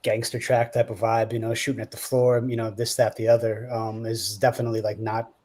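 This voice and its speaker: A man's voice: fairly low pitch, flat delivery, a little fast, darkish tone. A man co-hosting a music reaction stream, laid-back and rambling in casual chat. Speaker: co-host reviewing listener tracks.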